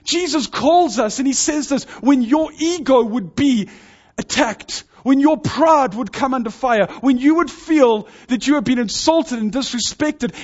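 A man preaching a sermon to his congregation, earnest and urging, pressing his points with rising intensity. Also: very high-pitched. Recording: dull lo-fi sound.

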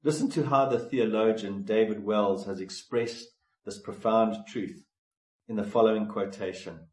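A man preaching a sermon in an earnest, pleading way, slowing down to stress key words. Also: lowish voice, a little mellow. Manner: earnest, pleading, slows for emphasis. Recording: echoey room.

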